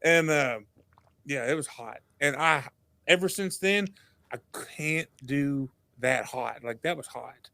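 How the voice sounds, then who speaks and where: Slow and creaky, his medium-pitched voice comes through with no room sound. He's a podcast guest in casual conversation, animatedly telling stories and acting out what others said.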